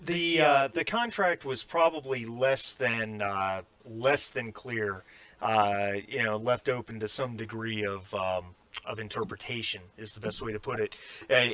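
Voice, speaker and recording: A man as game master of a tabletop role-playing game, talking in a halting way with many fillers. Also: mid-range voice, pushed and bright, dry recording.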